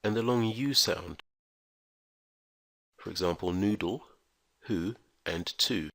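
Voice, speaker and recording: A man teaching English pronunciation in a careful, scripted lesson, spelling out letters and sounds with slow, deliberate enunciation. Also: low voice, gravelly, a bit bright, no echo.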